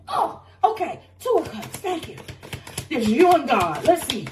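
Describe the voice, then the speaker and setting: A woman's voice: sits high, sing-song, moderate pace. A woman giving an intuitive tarot reading, passionate and exclaiming, slipping into speech and now and then into song. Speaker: tarot reader.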